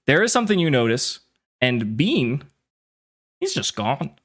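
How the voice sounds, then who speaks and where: A man's voice: medium pitch, sing-song, a little slow, a bit bright. A man narrating as game master of a tabletop game in a loose, laughing way, with many fillers.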